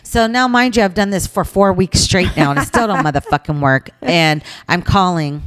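A woman's voice: lowish voice, normal speed. A middle-aged woman co-hosting a casual podcast, telling a story with lots of swearing. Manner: profane, animated storytelling. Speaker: podcast co-host. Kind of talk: casual chat.

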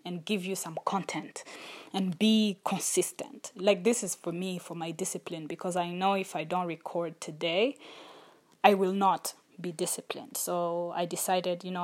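A woman hosting a reflective solo podcast, out of breath, talking earnestly and repeating phrases for emphasis, alone in a small room. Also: on the low side. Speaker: podcast host.

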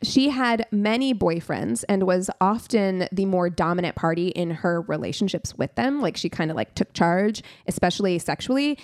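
A woman's voice: on the low side, lively intonation, normal speed, few pauses, darkish tone, no room sound. A woman co-hosting a podcast who tells a true crime story in a loose, chatty way, full of "like" and "um". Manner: chatty, frequent "like" and "um", laughs often. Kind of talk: casual conversational storytelling.

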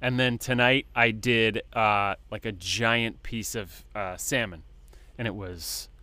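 Smooth-voiced laid-back dad on a podcast. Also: male voice, fairly low pitch, takes it slowly, no echo. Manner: relaxed, rambling storytelling with many fillers. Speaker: podcast co-host. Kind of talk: casual chat. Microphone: microphone on a video call.

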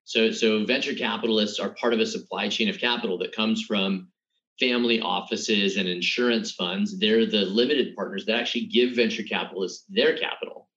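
A man's voice: fairly low pitch, fairly even intonation, a little fast, a bit bright, dull audio. A man who is a guest entrepreneur, talking reflectively in a casual interview with many restarts.

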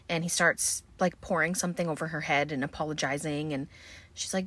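A woman with a deep voice and fairly even intonation hosts a podcast from a boat, recapping a film briskly. Her tone is bright and forceful, yet she stays chatty and casual, peppering her talk with um and like.

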